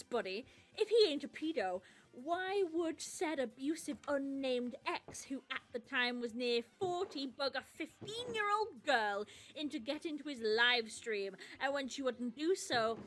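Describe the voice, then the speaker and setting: A woman's voice: high voice, a bit bright. A woman in an angry, emotional rant, swearing bitterly, her voice at times breaking toward tears. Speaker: person venting in a played voice clip.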